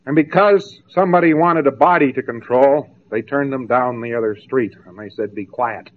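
A man's voice: mid-range voice, moderate pace. A man giving a spoken lecture, mocking and sarcastic as he tells stories to make his point. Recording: tinny narrow-band old tape.

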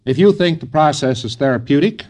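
A man's voice: on the high side, animated, darkish tone. Rambling man giving an informal lecture. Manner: rambling, folksy, with frequent pauses and fillers. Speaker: lecturer to trainees.

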